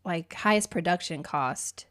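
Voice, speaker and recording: A woman's voice: fairly low pitch, a little slow, fairly bright tone. A woman in her twenties co-hosting a podcast, chatting playfully and expressively with frequent giggles. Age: 20s. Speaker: podcast co-host. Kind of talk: casual chat.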